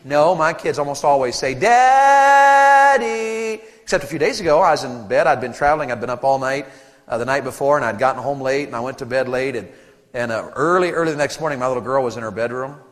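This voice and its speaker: A man in his thirties preaching a sermon to teenagers at a camp, animated and storytelling, acting out voices and joking with the crowd. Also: mid-range voice, fast talker, big-room sound.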